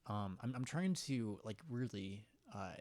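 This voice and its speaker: A man's voice: on the low side, lively intonation, measured pace, a little mellow, no echo. A young man hosting a casual livestream, rambling and giggling as he chats with viewers and reads their comments. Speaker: livestream host.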